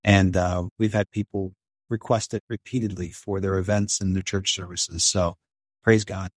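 A man's voice: low voice, little pitch movement, normal speed, slightly rough, no echo. A man in an interview telling a story with enthusiasm, acting out quotes in a raised voice. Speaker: film director and writer.

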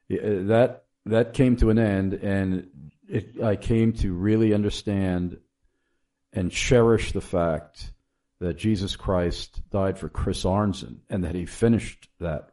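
Giving a casual testimony as a guest, a man recounts his faith story in a very low, dark voice, slow and unhurried. He is earnest and halting, often pausing on fillers and starting sentences over as he recalls events.

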